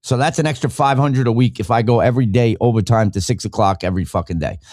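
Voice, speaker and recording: A man's voice: mid-range voice, fast, a little mellow, dry recording, studio quality. A man, hosting his podcast alone in a heated, profane rant. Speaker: podcast host. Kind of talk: ranting solo podcast talk.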